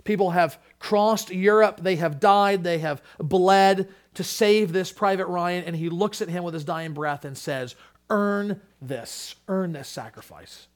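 A man delivers a sermon in a fairly high voice. He moves between quiet, drawn-out lines and loud, stressed declarations. He ends by praying aloud. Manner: swings from hushed to loud preaching. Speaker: pastor. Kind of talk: sermon with closing prayer.

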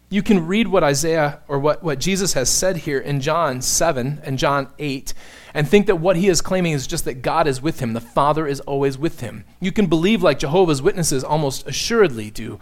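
A man's voice: on the high side, normal speed. A man preaching an expository sermon, teaching earnestly and building emphasis on key points. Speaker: pastor.

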